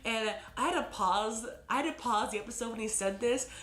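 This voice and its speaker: A woman's voice: a little high, a little fast, fairly bright tone. Chatty woman recapping a TV episode. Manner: chatty, heavy on "like" and "you know". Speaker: TV episode reviewer. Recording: roomy echo.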